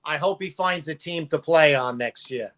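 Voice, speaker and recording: Guy, guest storyteller; punchy, bright tone, loud when he quotes people. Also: fairly high pitch, moderate pace. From Brooklyn, New York. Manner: animated, profane, acts out quotes loudly. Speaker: podcast guest. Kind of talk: casual storytelling.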